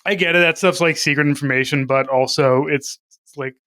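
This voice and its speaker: Bright, crisp-voiced man hosting a podcast. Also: fairly high pitch, steady tone, fairly quick, no echo. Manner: profane, rambling, jokey. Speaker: podcast co-host. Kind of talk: casual podcast chat.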